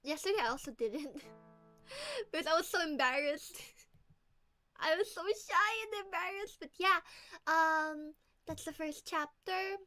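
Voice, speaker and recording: Woman, streamer, hoarse, giggly, swears a lot, unhurried casual chat. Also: very high-pitched, bright, forceful tone, soft background music. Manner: giggly, swears often, playful mock menace.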